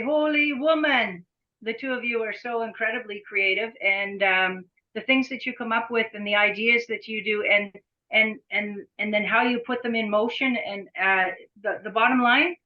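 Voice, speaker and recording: A middle-aged woman leading an agency, talking earnestly as a podcast guest and often repeating words as she searches for them. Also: medium pitch. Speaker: executive director, podcast guest. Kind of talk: reflective conversation. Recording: dull lo-fi sound.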